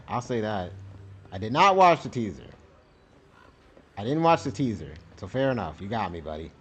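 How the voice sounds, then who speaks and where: A man's voice: mid-range voice, pushed and bright. A young man streaming a video game, joking and laughing casually as he plays. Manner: joking, laughs, says bro a lot. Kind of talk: casual gaming stream commentary.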